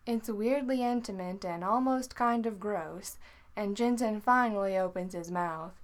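A woman reading a story aloud in an unhurried, informal way. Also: mid-range voice. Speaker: narrator.

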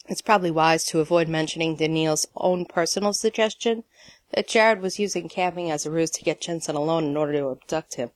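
Low-voiced woman reading a story. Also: fairly quick, no echo. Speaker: narrator. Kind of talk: audiobook reading of fiction.

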